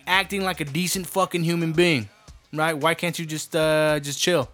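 A man's voice: a little high, fairly even intonation, fairly quick, fairly bright tone, soft background music. Brash, profane man ranting. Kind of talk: comedic rant monologue.

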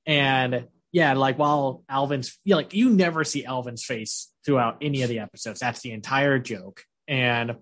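Male host, casual anime review, lively delivery, frequent laughter. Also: mid-range voice, normal speed, few pauses. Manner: animated, acts out scenes in goofy voices, laughs often. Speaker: podcast host.

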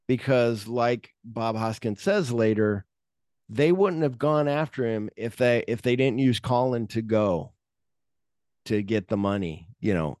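A man's voice: fairly low pitch, darkish tone, dry recording, clean studio sound. A man hosting a podcast, casually retelling film scenes in a rambling way, full of "like". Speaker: podcast host.

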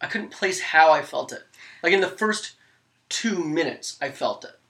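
A podcast co-host in a casual movie discussion, dry and wry with quick bursts when making a point. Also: medium pitch, lively intonation, a bit bright. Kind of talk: casual chat about movies.

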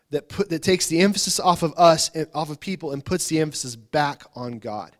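A man preaching to a congregation in an informal, chatty way, his voice sitting a little high for a man. He stumbles over repeated words and keeps asking his listeners questions as he talks. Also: expressive, brisk, few pauses. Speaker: pastor. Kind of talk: conversational sermon.

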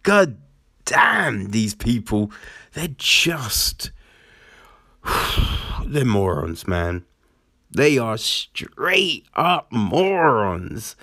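A man rants about current events in slow, drawn-out speech with lots of swearing. His pitch bounces a lot as his tone turns sarcastic. The voice is close and dry. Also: big pitch swings, sharp tone, dry recording. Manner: profane, sarcastic, keeps asking "right?". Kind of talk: casual commentary rant.

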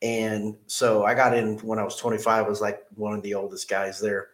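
A man's voice: fairly low pitch, completely flat delivery, moderate pace. A middle-aged man, a car dealership manager, telling a personal story in a casual interview, earnest and plain-spoken, repeating his key phrases.

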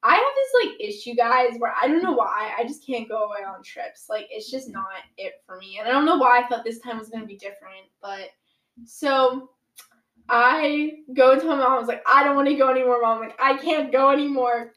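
A teenage girl recounts a story in a casual, animated way, sprinkling in "like" and acting out what everyone said. Her voice sits a little high. The room around her has a noticeable echo. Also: moderate pace. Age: teens. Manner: animated, dramatic retelling with many "like"s.

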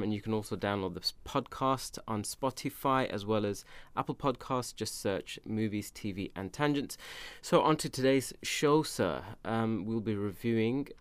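Smooth-voiced man co-hosting a podcast. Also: lowish voice, no room sound. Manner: playful, sings and hums bits of songs. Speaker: podcast co-host. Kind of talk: casual chat.

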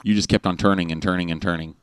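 A man's voice: deep voice, fairly even intonation, racing. A man, a father and podcast host, telling casual family stories in a rambling way, full of fillers and restarts, recorded close on a microphone. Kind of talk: casual storytelling chat. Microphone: studio microphone with headphones.

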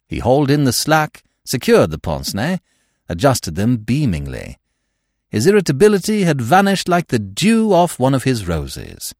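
A man narrating a classic comic novel in an expressive, wry storytelling manner. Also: mid-range voice, moderate pace, dry recording, clean studio sound. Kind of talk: scripted audiobook narration.

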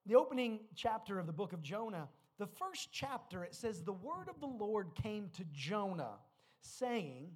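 A man's voice: sits high, very animated, moderate pace, breathy edge. A man preaching a sermon, who moves between retelling Bible stories and rising exhortation, often repeating words as he restarts. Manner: builds from storytelling to loud exhortation. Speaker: pastor.

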